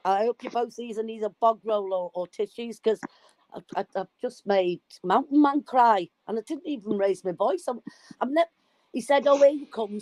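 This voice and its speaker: A woman telling a story in casual chat, animated and swearing freely. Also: medium pitch, no echo. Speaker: live stream guest.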